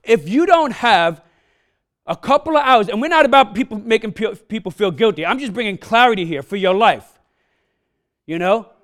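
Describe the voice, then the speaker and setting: Male pastor, high voice, accented English, punchy sermon delivery with call-outs to the room. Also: lively intonation, normal speed, a bit bright. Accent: non-native English accent. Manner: punchy, repeats questions to the congregation, frequent "huh?". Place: church sanctuary.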